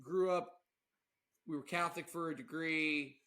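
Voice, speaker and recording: Bright-voiced, animated young man. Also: on the high side, measured pace. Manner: animated, laughing, rambling with restarts. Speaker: podcast co-host. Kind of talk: casual chat.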